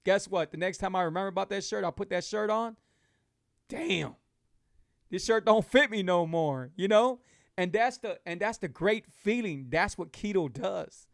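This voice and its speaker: High-voiced man, emphatic and repetitive. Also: moderate pace, creaky, no echo, clean studio sound. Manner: emphatic, repetitive, preachy encouragement. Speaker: host of a keto lifestyle show. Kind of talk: casual live talk to viewers.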